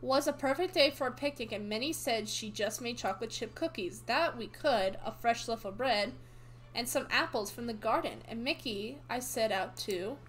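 A woman's voice: on the high side, moderate pace, fairly bright tone. A woman streamer chatting casually while playing a game, reading text aloud and talking to herself. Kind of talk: casual gameplay commentary.

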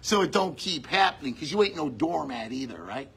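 A man preaching a sermon in a conversational way, breaking into shouts on key lines. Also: a little high, expressive, brisk, creaky, husky.

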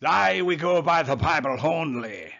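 A man's voice: fairly high pitch, expressive, measured pace, gravelly, a bit bright, highs cut off, pitched above the performer's own voice, exaggerated voice. A man putting on a boisterous old Scots-Irish preacher with a folksy, hearty manner and a put-on Scots-Irish accent. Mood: jovial. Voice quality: hearty, calls listeners "me buckos".

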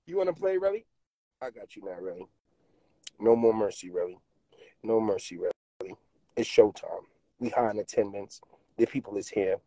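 A man's voice: fairly low pitch, expressive, normal speed, pauses often, mellow, no echo, rough recording. A man doing mocking, taunting roast commentary on a stream, laughing at his target.

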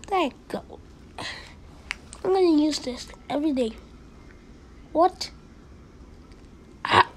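A woman voicing all the cats in a playful homemade cartoon, excitable, with frequent shrieks and silly sound effects. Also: high voice, slow, pauses often, a little hiss or hum. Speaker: amateur animator voicing all characters.

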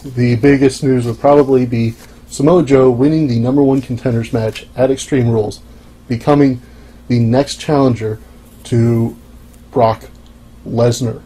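A young man hosting a solo podcast, talking casually in a dry, offhand, wry way with frequent pauses. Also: medium pitch, fairly even intonation, warm tone, breathy edge, low-quality recording. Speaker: podcast host.

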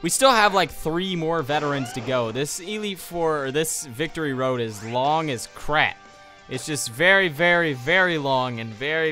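A man's voice: fairly high pitch, sharp tone. A young man giving casual let's play commentary, exasperated and ranting at the game, with a sniffly nose.

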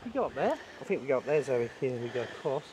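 A man's voice: medium pitch, big pitch swings, fast talker, background noise. A man on a hike outdoors, casually giving directions along the trail. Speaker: hiking companion. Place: outdoors in a rocky gorge.

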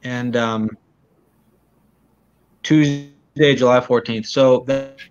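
Halting man on dull lo-fi audio. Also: medium pitch, steady tone, a little mellow, a little hiss or hum. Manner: halting, repeats words while retelling. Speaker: interview guest. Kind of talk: recounting events in an interview.

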